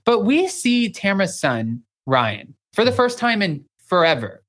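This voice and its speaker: A podcast co-host in casual chat, animated and gossipy, acting out what others said. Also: mid-range voice, a little slow. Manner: animated, gossipy, acts out quoted voices.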